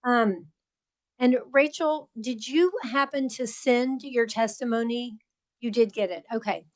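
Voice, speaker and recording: A woman chairing a committee hearing, calling on speakers in a brisk, procedural way. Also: a little high. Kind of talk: running a hearing.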